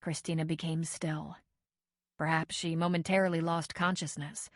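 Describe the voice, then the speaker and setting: Low-voiced woman narrating a novel. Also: flat delivery, normal speed, no room sound, clean studio sound. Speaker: audiobook narrator. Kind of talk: scripted narration.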